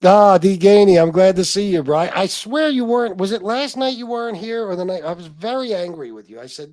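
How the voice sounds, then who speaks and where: A man with a slightly high voice hosts a casual livestream, reading viewer comments aloud and answering them in a blunt, profane way. He calls his viewers bro. The sound is dry and close to the mic. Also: lively intonation, brisk, few pauses, darkish tone, no room sound. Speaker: livestream host.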